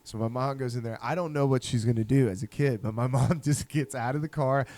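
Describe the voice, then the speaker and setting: Laughing, animated male podcast storyteller. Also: medium pitch, a little fast. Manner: animated storyteller, swears freely and laughs often. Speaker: podcast co-host. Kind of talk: casual storytelling chat.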